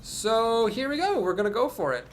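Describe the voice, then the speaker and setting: A man casually commentating his own card game, thinking aloud and poking fun at his own mistakes, with sudden animated outbursts. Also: very high voice, normal speed, a little hiss or hum.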